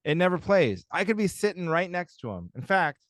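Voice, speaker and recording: A young man co-hosting a podcast in casual, jokey chat, arguing playfully and telling stories with a slightly husky throat. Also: high-pitched, sing-song, brisk, dry recording, clean studio sound. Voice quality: husky, like a smoker's voice right now. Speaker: podcast co-host.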